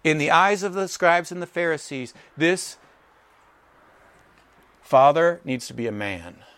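A man preaching a sermon, animated, acting out the characters in quoted voices as he tells the story. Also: fairly high pitch, measured pace, clear, resonant tone, dry recording. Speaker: pastor.

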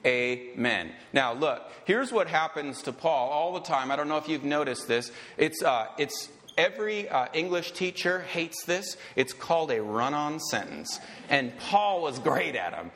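A male pastor delivers a sermon in a loose, chatty way, drifting into asides and building excitement. His voice sits a little high for a man and swings widely in pitch. Long reverb from a large church hall trails his words. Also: moderate pace. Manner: conversational and rambling, growing excited.

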